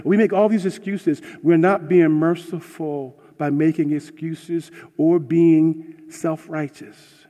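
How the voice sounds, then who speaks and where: A man preaching a passionate sermon, swinging from hushed words to shouting, and ending in prayer. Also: on the high side, fairly even intonation, takes it slowly. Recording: long hall reverb.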